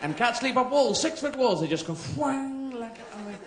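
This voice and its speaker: A man in his thirties with a British accent, doing live stand-up in a theatre, rambling through surreal tangents with swearing and quick silly voices. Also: very high voice, expressive, heavy background noise. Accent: British English. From Britain. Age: 30s. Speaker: stand-up comedian. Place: theatre stage before a live audience. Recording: echoey theatre with loud audience laughter.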